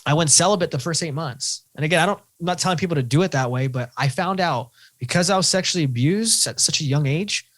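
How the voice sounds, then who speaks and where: Fast-talking man telling his story. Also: a little high. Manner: fast, animated storyteller who acts out his own inner voice. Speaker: podcast guest. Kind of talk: candid personal storytelling.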